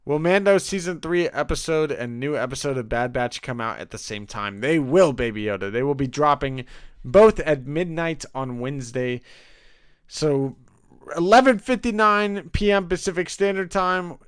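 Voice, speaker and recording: A man hosting a casual live watch-along stream, cheering loudly and greeting chat viewers. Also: fairly high pitch, moderate pace, clean tone, no echo, studio quality. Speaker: livestream host.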